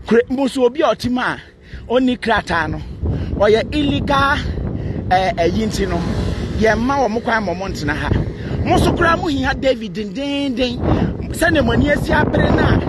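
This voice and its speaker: Ghanaian man, high voice, defiant mocking rant, Twi-English mix, outdoors by a road, faint traffic behind. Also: a bit bright. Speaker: vlogger answering a critic. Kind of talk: heated rant to camera. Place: outdoors beside a busy road.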